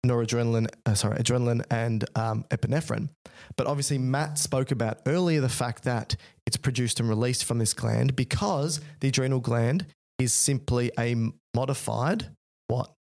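A man's voice: medium pitch, normal speed, vocal fry, few pauses, darkish tone. A man co-hosting an educational podcast, playful and jokey, explaining body processes step by step in casual chat. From Australia. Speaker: podcast co-host.

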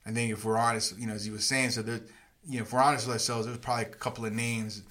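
A man's voice: medium pitch, flat delivery, very fast, sharp tone. A man co-hosting a podcast in casual chat, chiming in with jokes and quips. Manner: joking, chimes in with quips. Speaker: podcast co-host.

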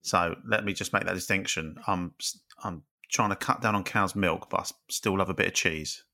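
A man's voice: deep voice, fairly even intonation, normal speed, creaky, pushed and bright. A man co-hosting a podcast, chatting casually with wry jokes. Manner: wry, joking. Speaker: podcast co-host.

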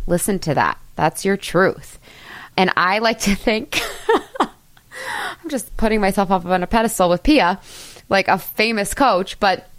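A woman's voice: lowish voice, no echo. A middle-aged woman hosting a motivational podcast, talking in an enthusiastic, chatty way and laughing at her own jokes. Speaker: podcast host.

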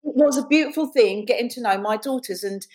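A woman's voice: on the high side, a little fast, a little mellow. A woman in her forties, an author and guest, speaking earnestly and reflectively in an interview. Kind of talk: interview chat and reading aloud.

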